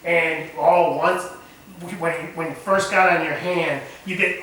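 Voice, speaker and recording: High bright man teaching in an echoey room. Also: a little slow, slight background noise. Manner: animated, asks the group questions. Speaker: camp naturalist instructor. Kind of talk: hands-on nature lesson. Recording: echoey room recorded from far off.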